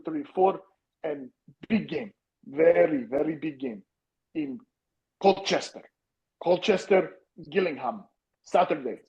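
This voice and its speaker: A man putting on a broken-English English voice, speaking in halting, simple phrases and repeating words. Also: high voice, darkish tone, lo-fi sound.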